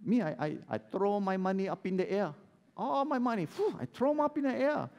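A man's voice: high-pitched, fairly quick, gravelly, big-room sound, pitched above the performer's own voice. A man doing a boastful Filipino-accented castaway. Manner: excited, broken English. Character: boastful stranded man with a money trick.

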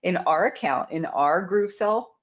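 A woman's voice: lowish voice, animated, unhurried. Woman explaining stuff frankly in a q&a, repeats herself while thinking, kinda muffled audio. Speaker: company co-founder answering questions. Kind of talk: casual Q&A answers.

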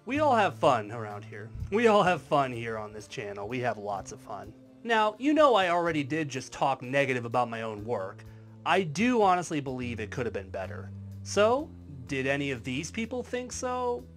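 A man's voice: mid-range voice, sing-song, normal speed, a bit bright, soft background music. A man delivering a commentary video in a wry, sarcastic manner. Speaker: YouTube commentary creator. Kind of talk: commentary vlog.

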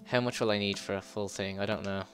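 A man giving casual gameplay commentary, excitable, swearing and laughing as he plays. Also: fairly low pitch, soft background music. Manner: excitable, swears and laughs, quick yelps when startled. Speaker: let's play gamer.

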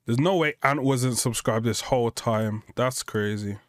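A man's voice: mid-range voice, unhurried, no room sound, clean studio sound. A young man reacting to a video on stream, joking and mocking himself in casual banter.

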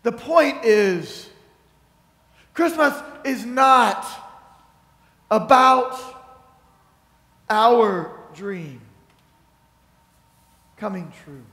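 A man's voice: very high-pitched, expressive, drawn-out words, pauses often, bright, forceful tone. A man preaching a sermon as pastor, retelling a story and acting out its quotes. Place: church sanctuary. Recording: echoey church hall.

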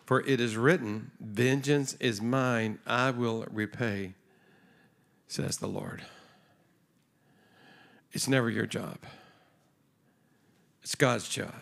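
Male preacher, conversational storyteller, gravelly tone, mid-range voice. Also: medium pitch, steady tone, slow pace, pauses often, a bit bright. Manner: conversational, acts out dialogue in his stories. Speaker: guest preacher. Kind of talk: sermon with storytelling. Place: church stage before a congregation.

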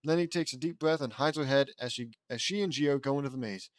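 A man's voice: medium pitch, quick pace, no echo. A man casually reading fan fiction aloud as an audiobook, stumbling and correcting himself as he goes. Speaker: audiobook reader.

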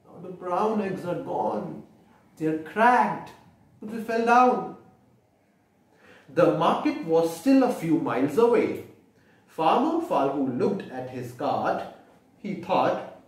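A man reads a children's picture book slowly, stopping to point out the pictures and quiz the young listeners. His voice is high and swoops up and down a lot. He sits away from the mic in a room full of echo. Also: animated. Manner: explains the pictures with questions to children. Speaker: storyteller for children. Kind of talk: children's read-aloud. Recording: echoey room, distant mic.

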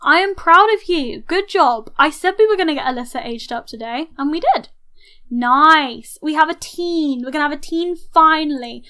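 A young woman giving chatty let's-play commentary, reacting loudly to her game with gasps and laughs. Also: high-pitched, expressive, moderate pace. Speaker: gaming YouTuber.

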